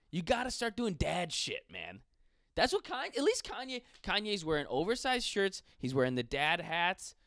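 A man's voice: sits high, no room sound, clean studio sound. A man in his twenties, a stand-up comedian from western New York, ranting casually with lots of profanity. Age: 20s. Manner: profane, rambling, animated. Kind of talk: casual podcast rant.

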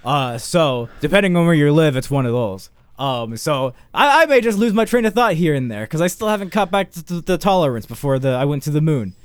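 A man's voice: on the high side, expressive, fairly quick, few pauses, smooth, dry recording. A man hosting a podcast in casual chat, stoned, rambling and swearing. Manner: rambling, swearing, tangential jokes. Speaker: podcast host.

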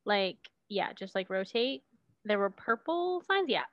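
Playing along in a guessing game, a woman offers tentative suggestions and hesitates often in casual gameplay chat. Her medium-pitched voice is sing-song and measured, heard through dull, dry lo-fi audio with no room sound.

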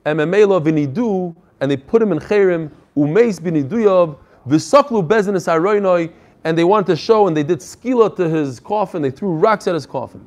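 A man teaching a Talmud class, reading Hebrew and Aramaic passages and explaining them in English with animated emphasis. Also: sits high.

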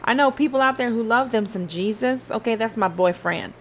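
A woman's voice: a little high, brisk, a little hiss or hum. A woman hosting a podcast, talking about faith in a casual, emphatic and preachy way, speaking straight to the listener. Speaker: podcast host.

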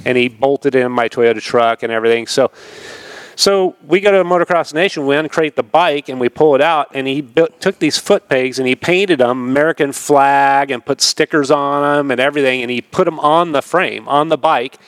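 A man, probably in his fifties, telling stories from his racing career as a podcast guest in a relaxed, rambling way, laughing often and acting out what others said. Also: medium pitch, normal speed, smooth, no room sound. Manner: laid-back, rambling, laughs often, acts out quoted voices. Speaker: podcast guest, retired motocross racer. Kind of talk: casual storytelling interview.

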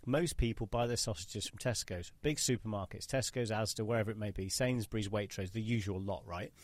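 A podcast host chats in a casual interview, his voice on the low side and brisk in a dry recording. He's opinionated, emphatic, and given to rambling.

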